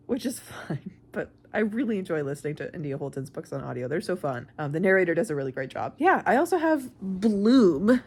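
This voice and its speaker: Chatty, expressive woman book vlogger. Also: fairly low pitch. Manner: chatty and expressive, laughs often. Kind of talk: casual weekend vlog chat.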